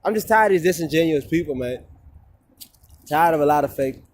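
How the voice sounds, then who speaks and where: A man's voice: on the high side, animated, a little fast, slight background noise. Rambling, profane man ranting outdoors. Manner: rambling, profane, repeats himself. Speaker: vlogger. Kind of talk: casual rant to camera.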